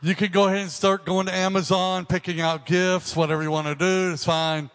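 A man's voice: high-pitched, flat delivery, fairly quick, fairly bright tone. A man in his sixties, a pastor, addressing his congregation in a casual way with joking asides. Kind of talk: sermon talk to a congregation. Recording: reverberant church hall.

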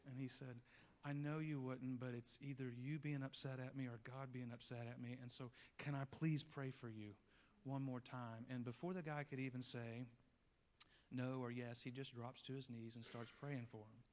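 A man pastor preaching a sermon, telling a story with acted-out voices and building to loud peaks. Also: medium pitch, level tone, normal speed. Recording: long reverb of a large hall.

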